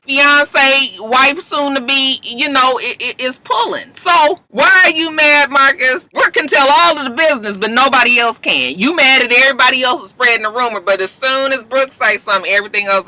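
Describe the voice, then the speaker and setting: A young woman talks through a TV episode recap in a casual, animated vlog style. She jokes, swears freely and lets her delivery swing around a lot. Her voice is strikingly bright. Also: high-pitched, moderate pace, hardly any pauses, slight background noise. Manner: animated, profane, joking. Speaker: TV show reviewer.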